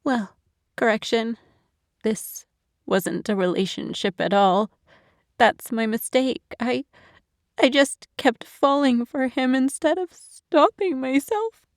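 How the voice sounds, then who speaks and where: A woman voicing a heartbroken young woman who is crying, with a shaky, halting, soft-spoken manner, in an audiobook. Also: on the high side, no echo, studio quality, voice pushed up. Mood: tearful. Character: heartbroken young woman, tearful and self-blaming. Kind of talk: audiobook narration.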